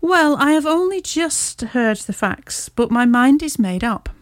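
A woman reading aloud, voicing a sharp, amused male detective who talks down to a police inspector with dry teasing. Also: high-pitched, animated, unhurried, no room sound, voice pushed up. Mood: amused, lofty.

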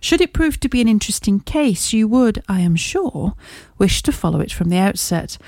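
A woman reading the part of a brisk, confident male Victorian detective in a storybook, in crisp, formal, courteous speech. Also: medium pitch, big pitch swings, darkish tone, no echo.

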